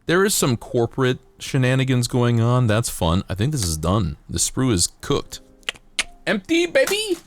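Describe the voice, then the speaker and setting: A man's voice: moderate pace, hardly any pauses, background noise. A man streaming casually while building a model kit, rambling and joking, his throat dry. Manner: rambling, jokey, bursts into silly high voices and singing.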